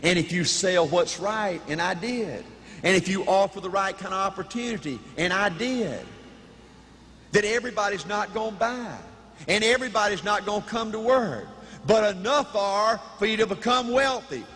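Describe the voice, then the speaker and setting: A man giving a live motivational speech in an animated, folksy way, with punchy repetition and shouting. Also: high-pitched, moderate pace. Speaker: motivational speaker. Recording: reverberant hall, faint noise.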